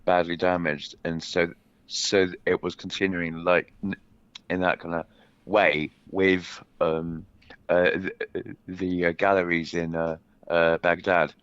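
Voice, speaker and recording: A man's voice: low-pitched, little pitch movement, takes it slowly, fairly bright tone, clean tone, no echo, highs cut off. A man calling in to a chat show, talking hesitantly with many fillers. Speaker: caller.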